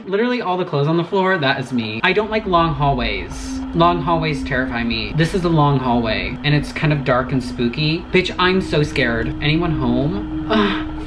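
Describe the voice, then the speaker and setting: A woman's voice: sits low, noisy background. A woman YouTuber giving casual gaming commentary, chatty and rambling, swearing constantly and easily startled. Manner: chatty, rambling asides to viewers. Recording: music playing behind the voice.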